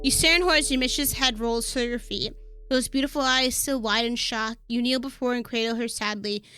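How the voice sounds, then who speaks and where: A woman streamer casually playing a game, reading its text aloud with excitable, profane outbursts. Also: a little high, fairly quick, over music.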